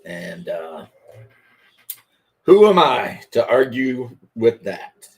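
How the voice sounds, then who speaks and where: A man in his fifties from Kentucky drawls through a loose, rambling story in a casual chat. He takes his time, with unhurried pacing and a mid-range voice. He sounds like he's chatting over a hobby table. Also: mid-range voice, big pitch swings. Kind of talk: casual chat while crafting.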